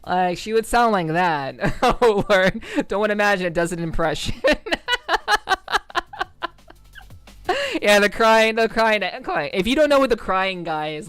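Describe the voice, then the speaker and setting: A woman's voice: medium pitch, animated, moderate pace, hardly any pauses, smooth, no echo, soft background music. A woman streamer from the New York City area chatting casually with her viewers, rambling and swearing, with lots of ums and bursts of laughter. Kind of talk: casual livestream chat with viewers.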